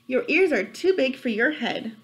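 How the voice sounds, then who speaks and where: A woman voicing an excitable young boy kitten who thinks he is a chihuahua, bouncy and exclaiming, with mock Spanish words. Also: sits high, moderate pace, voice pushed up. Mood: excited.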